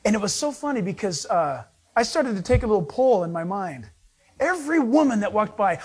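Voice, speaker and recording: A man's voice: sits high, big pitch swings, moderate pace, husky. A man preaching a conversational sermon, telling stories in a chatty way with frequent restarts. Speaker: pastor.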